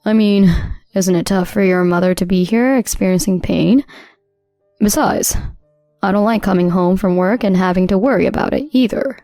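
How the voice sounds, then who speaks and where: A woman voicing a cold, selfish husband who calmly brushes off his wife's needs. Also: medium pitch, normal speed, dry recording, clean studio sound, soft background music, lightly acted. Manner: calm, dismissive.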